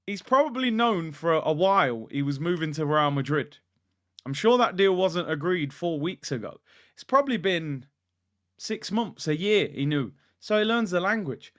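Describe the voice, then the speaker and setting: Excitable high-voiced man ranting about football. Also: normal speed, no echo. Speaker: football YouTuber, stream host. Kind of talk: casual live-stream football commentary.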